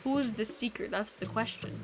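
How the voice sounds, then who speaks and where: This woman talks at a normal speed in a voice on the high side, bantering playfully and teasingly with her viewers while live-streaming a game. Video game background music plays underneath.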